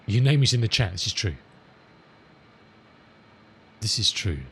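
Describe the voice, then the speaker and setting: A middle-aged man chatting casually with viewers as a live streamer, rambling and amused, reading radio calls slowly. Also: fairly low pitch, expressive, vocal fry, a bit bright, slight background noise. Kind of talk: casual chat with viewers while flying.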